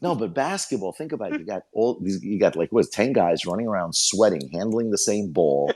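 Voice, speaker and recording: Deep-voiced man with a New York accent. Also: expressive, fairly quick, a little mellow, breathy edge. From Brooklyn, New York. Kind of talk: casual chat.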